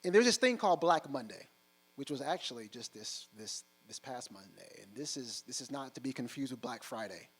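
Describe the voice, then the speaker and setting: A man in his forties giving a humorous storytelling talk on stage, animated and acting out other people's voices. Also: mid-range voice, moderate pace, breathy edge, low-quality recording. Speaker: keynote speaker. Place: on stage before a live audience.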